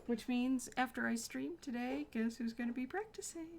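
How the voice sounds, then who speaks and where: A woman streaming a game at home, chatting excitedly and murmuring to herself as she plays. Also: on the high side, normal speed, creaky, few pauses, a little hiss or hum. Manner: excitable, chatty, drifts into soft murmurs while playing. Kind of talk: casual gameplay commentary. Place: home room.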